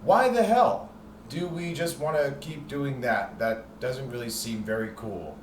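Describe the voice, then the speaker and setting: A man's voice: medium pitch, expressive, measured pace. A man hosting a heated, profane, sarcastic ranting monologue. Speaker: host. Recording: echoey room with faint noise.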